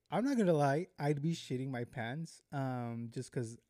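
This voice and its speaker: A man hosts a casual vlog, talking straight to his viewers with lots of slang, swearing and quick chuckles. His voice is dark and mellow, recorded close and dry with no room sound. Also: medium pitch, no echo. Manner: animated, slangy, swears, chuckles often, calls viewers "bro". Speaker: vlog host.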